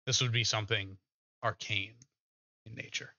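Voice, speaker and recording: A man narrating as game master of a tabletop game, pausing often with fillers. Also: lowish voice, steady tone, vocal fry, sharp tone, dry recording. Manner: hesitant, many filler pauses. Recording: dull lo-fi mic.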